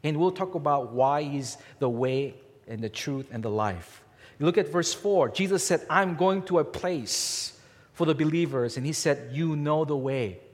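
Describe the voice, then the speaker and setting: A man preaching a sermon, emphatic and repetitive, his pitch rising and falling as he drives points home. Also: animated, measured pace. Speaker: pastor. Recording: long hall reverb.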